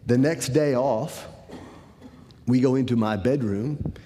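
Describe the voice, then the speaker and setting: A man's voice: medium pitch, slow pace, slight background noise. A man telling a personal story to an audience, acting out the dialogue. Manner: animated, acts out the dialogue. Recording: long hall reverb.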